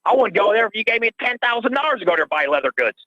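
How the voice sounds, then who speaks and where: Ranting rapid-fire and very animated, an older radio caller repeats himself in agitation. His voice is high-pitched, and the dry recording comes through as dull lo-fi call audio.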